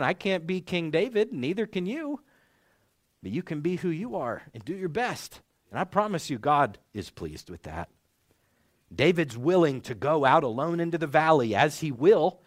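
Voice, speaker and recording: A young man preaching a sermon, teaching the text in a measured, clear way with rising and falling inflection. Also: a little high, no room sound, clean studio sound.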